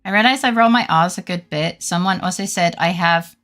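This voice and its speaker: A woman's voice: lowish voice, fairly quick, a bit bright, soft background music. A young woman chatting casually on a game live stream, reading chat and rambling with freely dropped swears.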